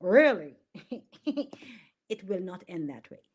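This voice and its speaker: A woman's voice: lowish voice, a little slow, a little mellow, highs cut off. A middle-aged woman hosting a political commentary livestream, sarcastic and mocking, hammering points home with repetition. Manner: sarcastic, mocking, laughs at her own jokes; emphatic repetition.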